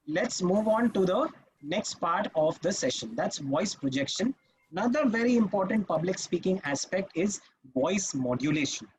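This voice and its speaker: A man's voice: sits high, darkish tone, husky, low-quality recording. A man teaching public speaking in a live online masterclass, talking emphatically and often checking in with his listeners. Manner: emphatic and instructive, checks in with "Okay?". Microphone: video call.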